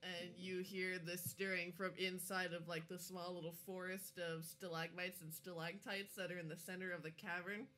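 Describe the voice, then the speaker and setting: A woman's voice: fairly low pitch, flat delivery, normal speed, few pauses, pushed and bright. A woman narrating as game master of a tabletop game, giggling often.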